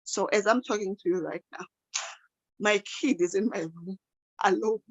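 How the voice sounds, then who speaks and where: A woman's voice: medium pitch, normal speed, no room sound, highs cut off, close to an everyday voice. A woman voicing a young female student who is a scared single mother, speaking in a subdued, confessional way. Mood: sorrowful.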